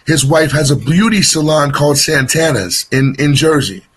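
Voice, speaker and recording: A man interviewed as a wrestling guest tells a long story casually, rambling, getting sidetracked, and restarting many times. His voice is on the high side with a breathy edge, at normal speed.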